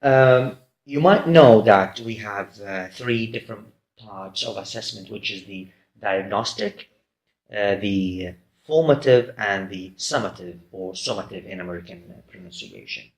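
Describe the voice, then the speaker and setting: A man's voice: lowish voice, a little slow. A man giving a recorded lecture, hesitant and full of fillers and restarts. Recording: roomy echo.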